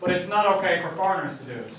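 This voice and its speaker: A man's voice: high voice, animated, racing, a bit bright, slight background noise. A man from Ireland, giving a casual classroom lecture and often checking in with the students. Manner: conversational, checks in with "right?" often. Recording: echoey classroom, mic at a distance.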